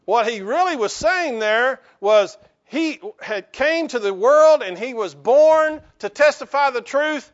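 High-voiced man preaching slowly. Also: dull audio. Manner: lively, joking with the congregation. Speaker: pastor. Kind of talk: sermon. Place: church.

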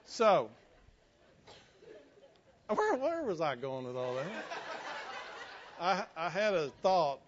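A middle-aged man preaching a sermon in a folksy, self-joking way, softening his voice for personal stories. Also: a little high, huge pitch swings, slow pace, long pauses, slight background noise. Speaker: pastor. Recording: muffled lo-fi sermon recording.

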